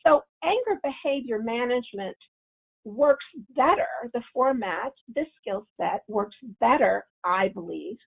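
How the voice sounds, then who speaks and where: This woman leads a parenting webinar by video call, coaching her audience and demonstrating angry self-talk as examples. Her fairly high voice is gravelly and husky. The audio comes across tinny, like a phone line.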